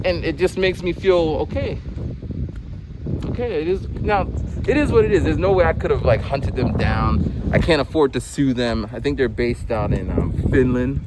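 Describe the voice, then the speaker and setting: A man in his forties telling a meandering story while walking home outdoors, full of restarts and casual swearing. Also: mid-range voice. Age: 40s. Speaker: vlogger. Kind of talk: rambling casual monologue. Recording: outdoor recording with wind noise.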